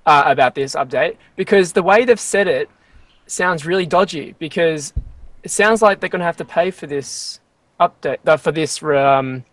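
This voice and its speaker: A man's voice: a little high, normal speed, a bit bright, dry recording. A man co-hosting a casual gaming podcast over a video call from home, tired from little sleep and hesitant, often trailing off. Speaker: podcast co-host.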